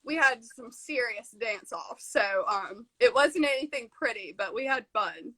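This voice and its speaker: A woman's voice: a little high, expressive, unhurried, sharp tone, husky, rough recording. A woman with a Mississippi accent, a bridal store owner chatting cheerfully as a guest. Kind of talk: casual interview chat.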